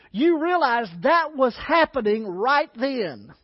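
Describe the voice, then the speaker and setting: High-voiced, deliberate male preacher. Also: animated, no echo, lo-fi sound. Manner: deliberate, emphatic preaching with scripture readings. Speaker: pastor. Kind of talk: sermon.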